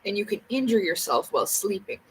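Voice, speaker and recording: A woman's voice: medium pitch, very animated, brisk, slight background noise, low-quality recording. A woman chatting casually to camera at home, blunt and rambling, with plenty of swearing. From Canada. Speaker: vlogger.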